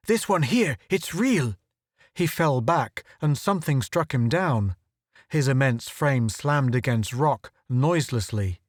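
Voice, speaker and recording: A man reads a story aloud in a steady, measured narration. His pitch sits in the middle range and the recording is dry and close, with no room sound around it. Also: dry recording. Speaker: audiobook narrator. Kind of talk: scripted narration.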